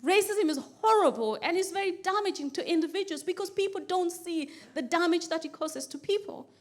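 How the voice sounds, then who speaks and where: Woman stand-up comic, high voice, animated storyteller who leans on repetition. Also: brisk. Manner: animated storyteller, repeats phrases for comic rhythm. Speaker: stand-up comedian.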